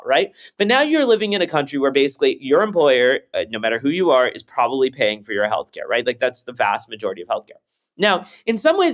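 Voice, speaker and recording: A man, a startup founder, explaining at length in a casual podcast chat, acting out quotes and swearing freely. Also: fairly high pitch. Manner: animated storytelling, acts out quotes, swears freely.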